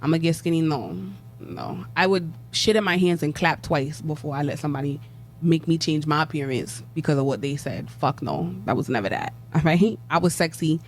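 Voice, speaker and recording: A woman's voice: low voice, moderate pace, a little hiss or hum. Brash young New woman rapper. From New York. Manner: brash, slangy, laughs often, swears freely. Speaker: rapper, interview guest. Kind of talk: casual interview chat.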